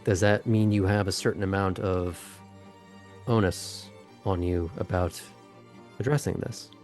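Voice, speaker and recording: A man's voice: sits low, fairly even intonation, measured pace, darkish tone, soft background music. A man running a tabletop role-playing game as game master, putting questions to his players. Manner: guiding, asks players questions.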